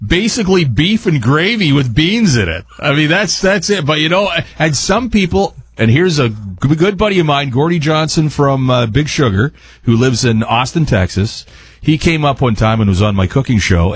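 A man's voice: mid-range voice, lively intonation, normal speed, slightly rough, dry recording. A man appearing as a guest chef on a radio show, talking through a recipe in a rambling, jokey, chatty way. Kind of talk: casual cooking chat on radio.

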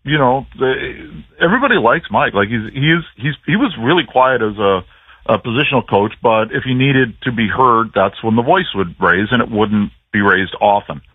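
A man's voice: mid-range voice, expressive, normal speed, slightly rough, no room sound. Man on a tinny phone line. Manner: rambling storyteller, dry self-mocking humor. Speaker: team play-by-play broadcaster on a call-in guest spot. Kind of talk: casual radio chat.

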